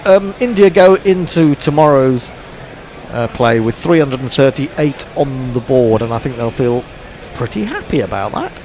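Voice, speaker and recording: A man doing relaxed ball-by-ball cricket commentary on an internet radio stream, chatty and dry, with plenty of fillers. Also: medium pitch, moderate pace. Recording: faint background noise.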